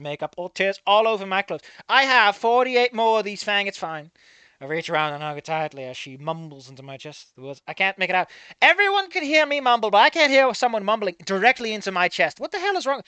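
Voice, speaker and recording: A lively, bouncing voice reads a fan story aloud and keeps breaking off to mock it with sarcastic, profane asides. The tone is bright and edgy. It sounds dry and close, with no room around it. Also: medium pitch, no room sound. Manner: animated, sarcastic, swears, breaks off mid-reading to comment. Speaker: fanfic reader and reviewer. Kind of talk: reading a story aloud with running commentary.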